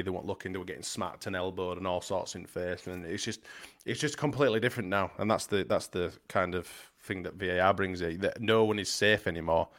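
A man's voice: low voice, fairly bright tone. A man co-hosting a casual podcast over a remote call, rambling and swearing as he talks. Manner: sweary, rambling, laughs a lot. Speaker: podcast host. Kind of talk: casual chat.

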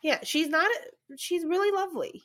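A woman's voice: very high voice, moderate pace, a bit bright. A woman co-hosting a podcast, chatting casually with giggly, short reactions. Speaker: podcast co-host. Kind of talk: casual chat.

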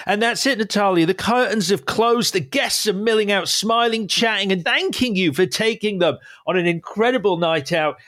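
A man's voice: high-pitched, moderate pace, few pauses, fairly bright tone. A man hosting an interview, asking questions with stammering restarts. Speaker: podcast host. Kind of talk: casual interview chat.

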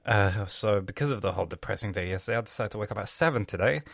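A man's voice: lowish voice, fast, gravelly, a bit bright, no echo. A man talking on his solo podcast in a rambling way, swearing and trailing off into tangents.

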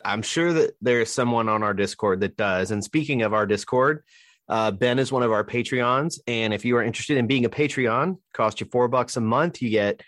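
A man from Alabama hosting a casual podcast chat in a relaxed, chatty way. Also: mid-range voice, normal speed, no echo, clean studio sound. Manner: relaxed, chatty, plugs the show. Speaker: podcast host.

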